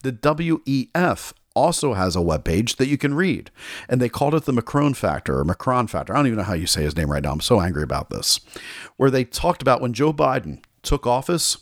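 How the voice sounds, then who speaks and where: A man's voice: mid-range voice, very animated, brisk, dry recording, clean studio sound. An American man hosting a political talk show, delivering an indignant, sarcastic monologue.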